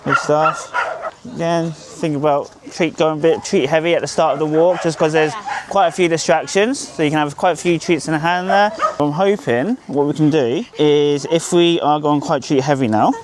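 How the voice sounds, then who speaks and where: A man's voice: a little high, steady tone, normal speed, noisy background. Upbeat man training dogs outdoors. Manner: upbeat and encouraging, with sing-song praise to the dog. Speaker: dog trainer. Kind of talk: instructional dog training walk. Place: outdoors on a group dog walk.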